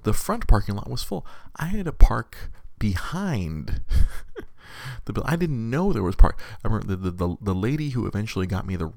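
A man's voice: fairly low pitch, big pitch swings, normal speed, vocal fry, a little mellow, no room sound. A man, casually telling a rambling story to viewers, repeating words and laughing often.

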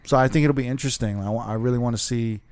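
A man's voice: mid-range voice, racing. Laid-back man telling a story. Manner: relaxed, profane, storytelling with lots of "like". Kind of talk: casual chat.

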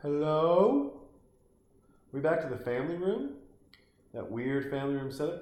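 A man with a high-side voice delivers comedic, profane commentary while watching a movie, speaking at a measured pace with long pauses in an echoey room. He rants, mocks the characters, and acts out little voices in an animated, swearing style.

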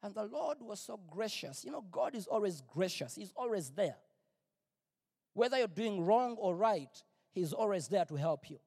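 A middle-aged male pastor preaching a personal testimony, emphatic and repetitive, sometimes rising to near-shouts. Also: high-pitched, expressive, normal speed. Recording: long reverb, big hall.

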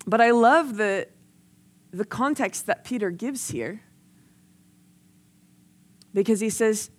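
A woman's voice: fairly high pitch, slow, long pauses. A young adult woman preaching a sermon in a casual, earnest way, sometimes acting out the people she quotes. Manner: conversational and earnest, acts out quoted voices.

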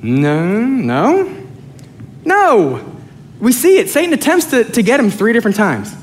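A male pastor preaching a sermon, animated and joking, swinging between loud and soft. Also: very high voice, fast, slight background noise. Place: church sanctuary with congregation.

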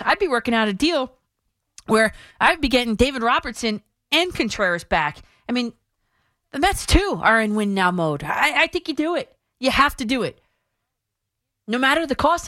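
A woman's voice: fairly high pitch, fairly bright tone, no echo. Woman sports radio host, opinionated and chatty, dry studio mic. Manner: opinionated, chatty, frequent restarts.

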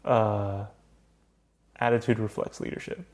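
A man's voice: on the low side, level tone, a little slow, a little mellow. Young man, podcast host, casual chat, heavy swearing, heated storytelling.

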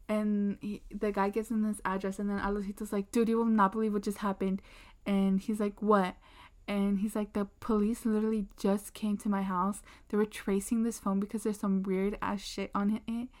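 A young woman talks in a loose, rambling way. She leans on fillers and restarts as she tells a story at her desk. Her voice sits at an average pitch. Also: flat delivery, normal speed, darkish tone. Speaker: podcast host. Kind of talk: casual chat. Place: indoors at a desk.

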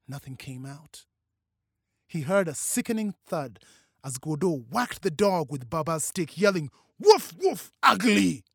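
A narrator reading a novel aloud with expressive, varied delivery. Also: mid-range voice, no echo, studio quality. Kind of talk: audiobook narration.

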